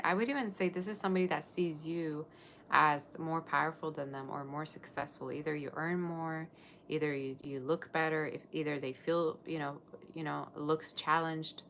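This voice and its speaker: Low, gravelly-voiced woman reading tarot. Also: fairly bright tone, slight background noise. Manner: chatty, rambling, answers chat comments. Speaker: tarot reader. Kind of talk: live tarot reading for viewers.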